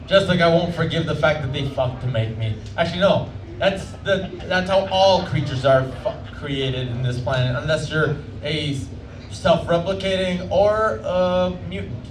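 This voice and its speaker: A brash, loud-talking man from Mexico doing a trash-talking stand-up set on a comedy club stage. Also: mid-range voice. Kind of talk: stand-up routine. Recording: echoey club from far off with noise.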